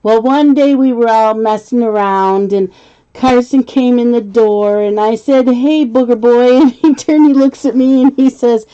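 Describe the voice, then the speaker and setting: A middle-aged woman colors during a casual live stream, chatting, laughing often and reading viewer comments aloud. Her voice is fairly high, dark and smooth, and she speaks unhurriedly. The stream audio is lo-fi and slightly muffled.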